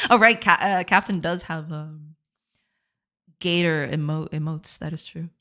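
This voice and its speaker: A woman's voice: low voice, a little slow, pushed and bright. Woman, live-stream chat, giggly, self-deprecating, stammering. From not from the United States. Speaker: game developer streamer.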